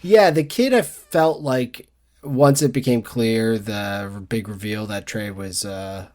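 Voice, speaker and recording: A man's voice: on the low side, slow, darkish tone. A man in his forties co-hosting a casual book club podcast, telling rambling stories and laughing at his own anecdotes. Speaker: podcast co-host.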